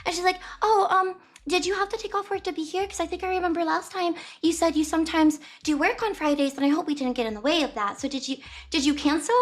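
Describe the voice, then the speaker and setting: High-voiced young woman streamer telling a story. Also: fast, few pauses. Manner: rambling, lots of fillers and voiced quotes of others. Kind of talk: casual storytelling to stream chat. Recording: lo-fi music playing softly behind.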